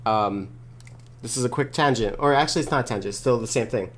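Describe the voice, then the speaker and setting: Man, interview guest, casual rambling talk, lots of fillers, medium pitch. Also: quick pace. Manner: rambling, many fillers like "like" and "you know". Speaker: guest, wrestler and creator.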